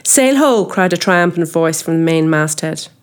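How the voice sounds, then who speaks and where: A woman reading a classic novel aloud as an audiobook, measured and expressive with ornate old prose. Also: low voice, smooth. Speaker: audiobook reader. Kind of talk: literary audiobook narration.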